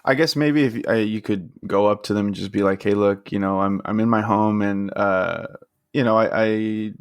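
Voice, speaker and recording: A man's voice: on the low side, moderate pace, smooth, dry recording, studio quality. A man co-hosting a podcast, speaking casually and hesitantly with many fillers. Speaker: podcast co-host. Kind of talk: casual chat.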